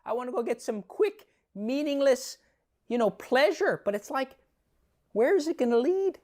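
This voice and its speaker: A man playing an earnest, rambling male professor in a comedy sketch impression, with a reedy voice and lofty, halting phrasing. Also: very high-pitched, lively intonation, a little mellow. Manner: pondering pauses, lofty phrasing.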